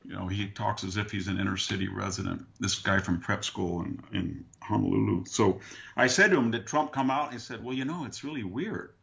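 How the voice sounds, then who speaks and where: Older male guest, low gravelly voice, dry anecdotal storyteller, muffled lo-fi line. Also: fairly quick, a bit bright. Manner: dry, anecdotal, mimics others mid-story. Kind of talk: conversational storytelling. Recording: dull lo-fi remote audio.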